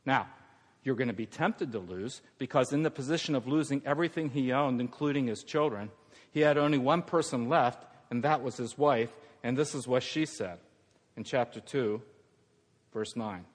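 A man's voice: medium pitch, moderate pace. Older male pastor preaching in a reverberant hall. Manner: swings from hushed tender lines to loud emphatic preaching. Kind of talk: sermon. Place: church sanctuary. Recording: long reverb of a church hall.

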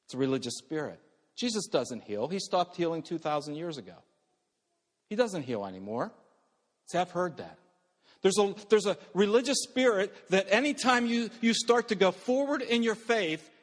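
Male pastor, high voice, dynamic sermon delivery, church hall with long reverb. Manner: dynamic preaching, swings from raised to hushed.

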